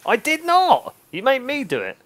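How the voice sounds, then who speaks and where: A man's voice: extremely high pitch, huge pitch swings, normal speed, fairly bright tone, no room sound. A man casting a live video game match, mixing play-by-play with joking, teasing banter. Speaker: esports caster.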